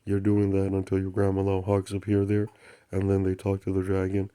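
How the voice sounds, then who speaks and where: The host of his own channel, this man has a low, monotone voice that is clear and resonant and moves a little fast. He tells a rambling spiritual story in broken grammar, chanting affirmations over and over and sometimes dropping into soft, unvoiced murmurs.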